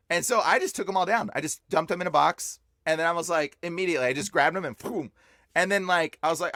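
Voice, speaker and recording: A young man on a podcast telling a personal story with lots of excitement, his voice jumping up whenever he quotes himself. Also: a little high, fast, no echo, clean studio sound. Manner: excitable, voice jumps up when quoting himself. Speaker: podcast guest.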